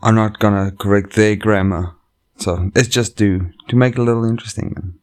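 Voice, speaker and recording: A man's voice: fairly low pitch, fairly even intonation, a little fast, smooth. A comedian hosting a show, chatting casually and reading online stories aloud into a microphone. He rambles, swears and keeps cutting himself off. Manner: rambling, profane, self-interrupting. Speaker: comedian and podcast host.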